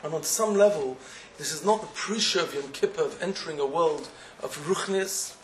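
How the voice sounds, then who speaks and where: A man's voice: fairly high pitch, normal speed, fairly bright tone, roomy sound, a little hiss or hum, low-quality recording. Man, rabbi, sermon, impassioned, faint room ambience. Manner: impassioned, rising to emphatic questioning.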